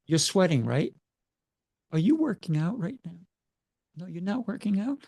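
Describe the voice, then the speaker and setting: Husky-toned, gravelly man coaching emphatically. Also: sits high, big pitch swings, moderate pace, darkish tone, no echo, clean studio sound. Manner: emphatic, rhetorical questions. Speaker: martial arts instructor and coach. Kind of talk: casual interview chat.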